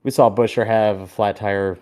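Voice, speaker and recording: A man co-hosting a podcast in casual chat, telling a story with animated energy and plenty of swearing. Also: on the low side, moderate pace. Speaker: podcast co-host.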